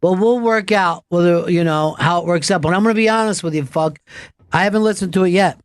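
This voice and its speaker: A man's voice: sits high, brisk, smooth, dry recording, studio quality. A man hosting a radio show in loose, profane, casual chat full of fillers.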